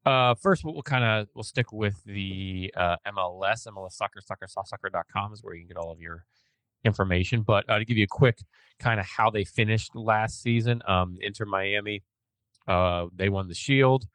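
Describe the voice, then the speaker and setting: A man's voice: fairly low pitch, moderate pace, fairly bright tone, no room sound. A man hosting a podcast in casual chat, rambling a little with fillers as he talks. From United States. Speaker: podcast host.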